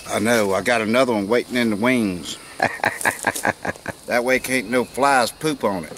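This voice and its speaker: A man's voice: medium pitch, normal speed, a bit bright, a little hiss or hum. A man at a campsite, trading playful joking quips from off camera. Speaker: camping guest and cook. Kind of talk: casual banter off camera. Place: outdoor campsite.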